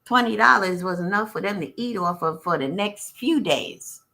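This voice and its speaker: A woman's voice: mid-range voice, expressive, moderate pace, creaky, sharp tone. A woman reading a memoir aloud on a live stream and breaking off to greet viewers and add blunt, profane side comments. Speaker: audiobook reader and live-stream host.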